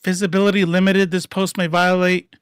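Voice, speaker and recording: A livestream commentator giving casual political commentary, profane and rambling, swinging between loud outbursts and mumbled asides. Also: medium pitch, little pitch movement, a little fast, clear, resonant tone, no room sound, clean studio sound.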